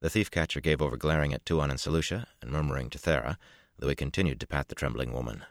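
A man narrates a fantasy novel in a measured, even voice. His voice is extremely deep. The recording is dry and close. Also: no echo. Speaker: audiobook narrator.

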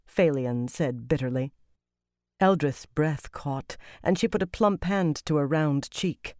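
A woman narrating a fantasy audiobook in a steady, measured reading. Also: low-pitched, dry recording, clean studio sound. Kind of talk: scripted narration.

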